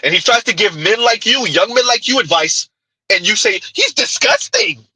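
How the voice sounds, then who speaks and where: A man's voice: high-pitched, brisk, bright, forceful tone, husky, dry recording, low-quality recording. A man giving heated, mocking reaction commentary on a clip, firing off rhetorical questions.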